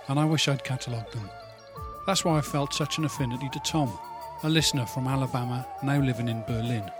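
A male host giving a reflective, scripted introduction to the show. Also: mid-range voice. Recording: voice over music.

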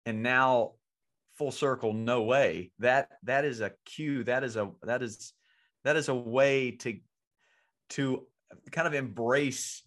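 Male podcast co-host, earnest, conversational, mid-pitched. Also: normal speed, a bit bright. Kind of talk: casual conversation.

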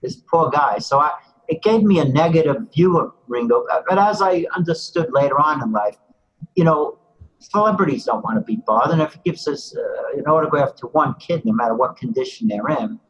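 Older man, interview storytelling, rambling, lots of asides, husky voice, dull lo-fi sound. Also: fairly high pitch, animated, fairly quick. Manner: rambling, full of "you know" asides. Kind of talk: casual storytelling.

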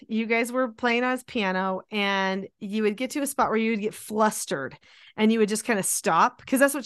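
A woman in her forties, a mother and host, talking in a chatty, animated way and acting out quotes. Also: fairly high pitch, clear, resonant tone, dry recording, clean studio sound. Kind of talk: casual conversation.

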